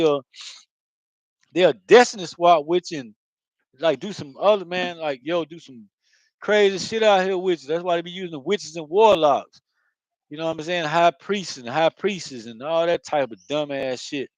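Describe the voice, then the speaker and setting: A high-voiced man rambles through a casual spiritual talk, heavy on profanity and street slang. He keeps checking in with "you know what I mean" as he goes. The recording is dry and close, with no room sound. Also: dry recording, rough recording. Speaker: channel host.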